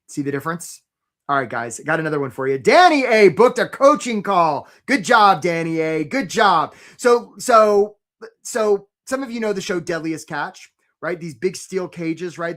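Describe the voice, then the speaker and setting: A man hosting a live career-coaching webinar, talking in an energetic, chatty way and often asking "right?". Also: fairly high pitch, moderate pace.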